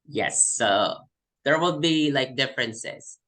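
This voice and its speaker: A man's voice: medium pitch, lively intonation, takes it slowly, bright, forceful tone, rough recording. A man from the Philippines, teaching an English test class and explaining by repeating example words. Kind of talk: online class lesson.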